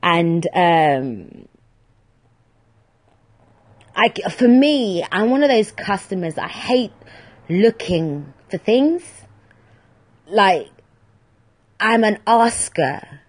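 A woman's voice: mid-range voice, very animated, very slow, long pauses. A woman hosting a solo podcast, chatting in a rambling, self-deprecating way. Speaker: podcast host. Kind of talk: casual solo podcast chat.

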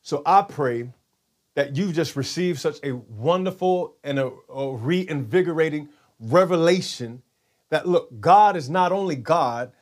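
A man's voice: on the high side, expressive, unhurried. A man preaching a sermon in a conversational way, often repeating words and having the congregation say lines back. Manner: conversational, repeats words, leads call-and-response.

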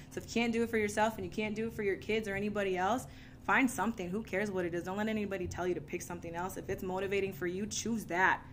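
A woman's voice: mid-range voice, noisy background. Candid woman telling her own story. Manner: candid, animated storytelling with frequent laughs and fillers. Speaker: speaker sharing a recovery story. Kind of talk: casual personal testimony to an audience.

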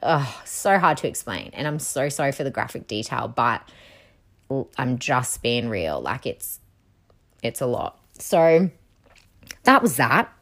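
Low-voiced young woman, frank and chatty. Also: very animated, unhurried, fairly bright tone. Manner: frank and emotional, heavy use of "like". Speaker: new mother. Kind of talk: candid personal storytelling.

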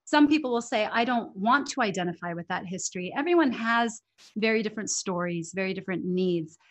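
A woman's voice: mid-range voice, fairly quick. Earnest woman English coach. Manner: earnest, emphatic, laughs often. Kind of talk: conversational interview.

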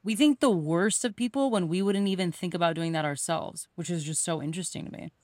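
Lively woman coach on a podcast. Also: on the low side, brisk, no room sound, clean studio sound. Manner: animated storytelling, acts out quoted voices. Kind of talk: casual conversational podcast chat.

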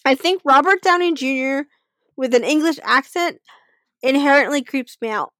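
High-voiced swearing woman podcaster. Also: moderate pace, dry recording. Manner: swears freely, animated and laughing. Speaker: podcast co-host. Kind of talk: casual chat.

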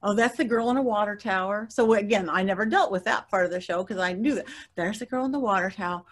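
A middle-aged woman, a guest psychic, telling stories in an interview in a lively way, laughing often and acting out the voices of others. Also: medium pitch, fast talker. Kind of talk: animated storytelling interview.

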